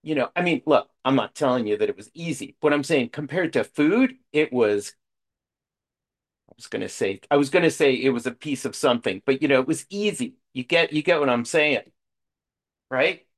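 A man's voice: mid-range voice, lively intonation, moderate pace. A middle-aged man speaks frankly at a support meeting in a conversational way, full of fillers and asides. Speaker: speaker sharing at a recovery meeting. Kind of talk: personal share at a support meeting.

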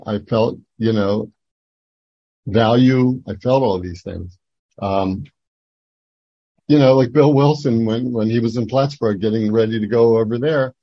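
An older man from New Jersey giving a personal testimony at a recovery meeting, rambling and halting with many fillers and restarts. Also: fairly low pitch, dry recording, muffled recording. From Atlantic City, New Jersey.

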